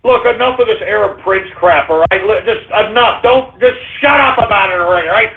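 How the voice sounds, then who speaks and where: Short-fused shrill male sidekick for a radio comedy bit, shouty and whiny, over a thin phone-line sound. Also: a little fast. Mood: furious. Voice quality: whiny, shouting, exasperated ranting. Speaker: radio show regular. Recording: tinny phone-like audio.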